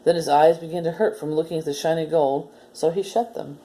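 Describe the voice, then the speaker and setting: A woman hosting a children's story time, reading a story aloud and gently explaining a simple demo step by step. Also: low-pitched, steady tone, a little fast.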